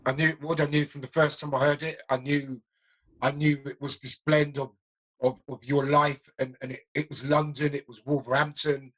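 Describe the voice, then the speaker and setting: A man's voice: on the high side, flat delivery, normal speed, fairly bright tone, rough recording. A man interviewing a friend in casual conversation, emphatic and stammering, with many repeated phrases.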